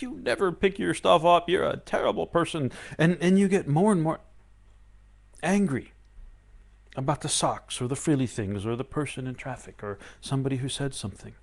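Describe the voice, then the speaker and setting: A man's voice: on the high side, a little mellow. A man speaking firmly and earnestly to a live online audience as a spiritual teacher, acting out people's inner voices with rising emphasis.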